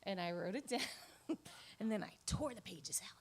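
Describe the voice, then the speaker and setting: A woman's voice: medium pitch, expressive, moderate pace, a little mellow, breathy edge. A woman singer-songwriter chatting between songs at a small live venue, giggly and rambling. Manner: giggly, rambling, self-deprecating. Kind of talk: chatty song introduction on stage.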